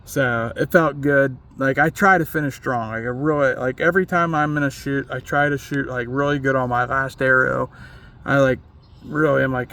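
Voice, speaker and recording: Gravelly man venting in a casual vlog. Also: mid-range voice, steady tone, normal speed, pushed and bright. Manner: candid and self-critical, swears freely, many "like" fillers. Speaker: vlogger and competitive archer.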